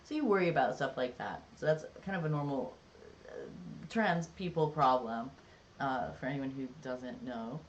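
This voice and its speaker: This livestreamer chats at normal speed in a middle-pitched voice, with the high frequencies cut off and a faint room hum behind. They ramble in an easygoing, somewhat jokey way, full of "like"s and "um"s.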